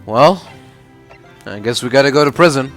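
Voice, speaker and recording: A man's voice: medium pitch, moderate pace, faint music behind. Brief: male let's player, casual and offhand, mid-range voice. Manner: relaxed, offhand. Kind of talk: casual game commentary and reading.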